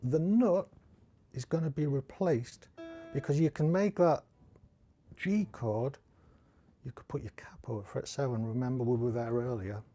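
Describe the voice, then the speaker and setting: A man with a Teesside accent talks through a relaxed guitar lesson, thinking aloud as he goes. His voice is mellow and dark-toned at a middling pitch, and he comes across as chatty and self-deprecating. He is recorded on a close mic, with guitar playing behind him. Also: a little slow, pauses often. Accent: Teesside English. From northeast England. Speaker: guitar teacher. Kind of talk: casual live-stream guitar lesson.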